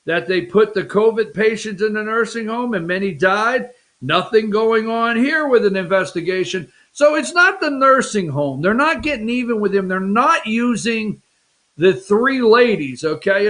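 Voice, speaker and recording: A man hosting an opinionated political talk show, rambling and animated, with jokey asides. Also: very high voice.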